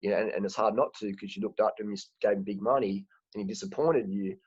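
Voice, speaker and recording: A husky-voiced man talks frankly in a loose, rambling way, often restarting his words. The sound is dry and a little dull, like a lo-fi home recording. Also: on the low side, fairly even intonation, fast talker, darkish tone, no room sound. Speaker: host. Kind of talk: casual chat.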